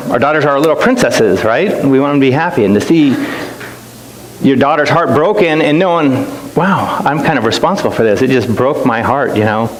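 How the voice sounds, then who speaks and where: A middle-aged man speaking as a guest missionary, telling stories to a church in a chatty, self-deprecating way with lots of restarts. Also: mid-range voice. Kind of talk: storytelling church talk. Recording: echoey church hall with faint hiss.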